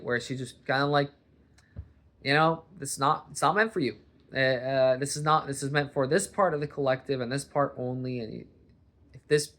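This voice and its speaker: A man's voice: mid-range voice, fairly bright tone. A man from Boston talking to camera at home in a rambling, self-interrupting monologue, recorded on his coffee table. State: warm under a sweater, hat and blanket. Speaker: vlogger.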